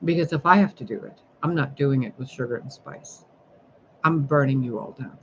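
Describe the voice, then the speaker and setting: A woman's voice: very deep voice, moderate pace, a little hiss or hum. Woman, spiritual livestreamer, blunt, sarcastic, profane scolding, slightly muffled audio. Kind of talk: ranting livestream monologue.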